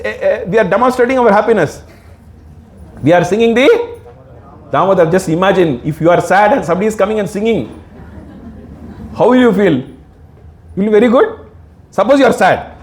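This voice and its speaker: A man's voice: high-pitched, roomy sound. A man giving a devotional sermon, asking the audience questions and answering them himself. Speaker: devotional speaker.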